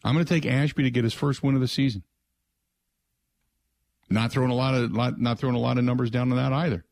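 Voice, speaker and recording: A man's voice: medium pitch, steady tone, fast, vocal fry, darkish tone, dry recording. An older man hosting a sports talk radio show, talking in a loose, rambling, conversational way and repeating the call-in number. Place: radio studio. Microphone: close studio mic.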